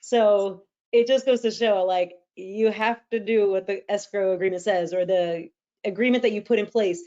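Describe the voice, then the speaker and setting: A woman's voice: mid-range voice, normal speed, warm tone. A woman, a real estate agent hosting a podcast, explaining contract details in an earnest, practical way. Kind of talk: casual podcast conversation. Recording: slightly dull lo-fi audio.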